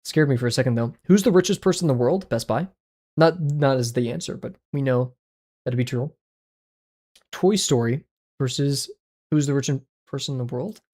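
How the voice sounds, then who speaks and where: A man's voice: mid-range voice, normal speed, darkish tone. A man chatting casually on a livestream while playing web games, reacting aloud with sudden yelps and mumbled asides. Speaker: art livestreamer.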